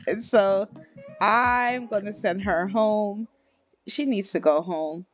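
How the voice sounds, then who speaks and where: A woman's voice: medium pitch, slow, muffled recording. Chatty woman narrating a game. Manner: chatty, laughs often, addresses viewers as y'all. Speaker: gameplay YouTuber. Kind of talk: casual gameplay commentary. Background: faint background music.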